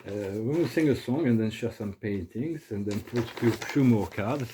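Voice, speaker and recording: A man hosting a casual spiritual video, soft-spoken and halting, often repeating words and restarting his sentences. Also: mid-range voice, a little hiss or hum, rough recording. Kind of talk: casual spiritual vlog talk.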